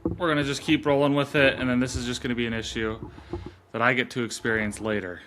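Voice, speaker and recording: Fast but steady in tone, a mid-range male voice comes through a desk mic on a stand against background noise. The podcast host offers earnest, rambling motivation and casual chat, fixing his gear partway through the recording.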